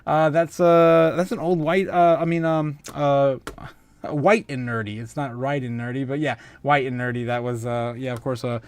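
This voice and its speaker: A man's voice: medium pitch, level tone, normal speed, hardly any pauses, clear, resonant tone. A man hosting a casual livestream, reading out viewer comments, laughing often and stumbling through restarts and filler sounds. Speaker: host of a crypto livestream.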